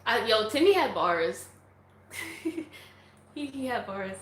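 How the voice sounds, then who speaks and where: A talkative woman answers viewer questions in a loose, casual vlog, laughing easily as she goes. Her voice sits a little high and carries a noticeable echo from the room, with a faint hum of ambience behind it. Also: expressive, takes it slowly. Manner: chatty, laughs often, breaks into song snippets. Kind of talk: casual Q&A chat.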